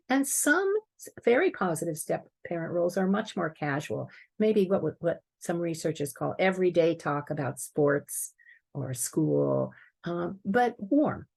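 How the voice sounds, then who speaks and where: A woman giving a prepared talk on stepfamily life, explaining earnestly and clearing her throat now and then. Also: low-pitched, dark tone.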